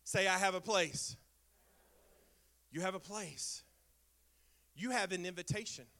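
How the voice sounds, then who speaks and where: In a church, a male pastor preaches a sermon at an unhurried pace. He drives home his refrains through emphatic repetition, moving between loud bursts and soft, low lines.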